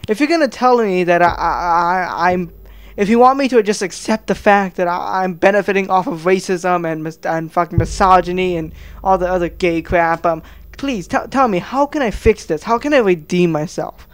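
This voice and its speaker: A man's voice: high-pitched, normal speed, clean tone. A man giving heated, crude reaction commentary, stammering through many restarts. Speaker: commentary vlogger.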